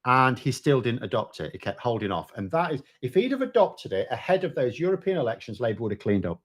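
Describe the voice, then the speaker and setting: Guy on a politics show, mid pitch, blunt and sweary, ranting away. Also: very animated, fast. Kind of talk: casual political chat.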